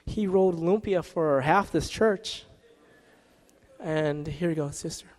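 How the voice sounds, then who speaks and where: A man leading part of a church funeral service, speaking in a quiet, measured way and singing briefly. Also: fairly high pitch. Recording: church hall reverb with congregation.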